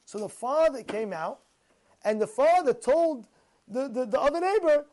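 Male Torah teacher, casual sermon; high voice, animated storyteller who hammers points by repetition. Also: moderate pace. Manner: animated, repeats phrases for emphasis.

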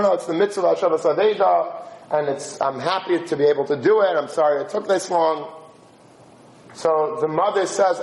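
Man, high voice, storyteller, animated, acts out dialogue, echoey room. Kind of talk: spoken religious story.

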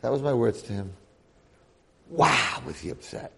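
An older rabbi in his sixties tells a story to his congregation. His voice is gravelly and somewhat husky. He delivers it with animated energy, swinging between loud and soft. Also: medium pitch, measured pace.

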